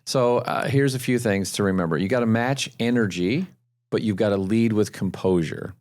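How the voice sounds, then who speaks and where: A man with a lowish, darkish-toned voice co-hosts a sales podcast at a moderate pace. He coaches listeners in an explanatory way, repeating points for emphasis as part of the discussion.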